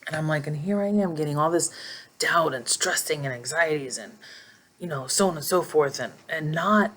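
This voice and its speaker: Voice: mid-range voice, moderate pace, fairly bright tone. A vlogger telling a personal story in a casual, emphatic way, often repeating words for stress, recorded on a handheld phone.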